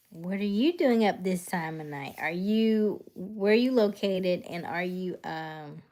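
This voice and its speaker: A woman chatting on a late-night live stream, talking slowly and unhurriedly. She greets her viewers one by one and keeps slipping into a hushed, soft whisper. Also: fairly low pitch. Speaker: livestream host.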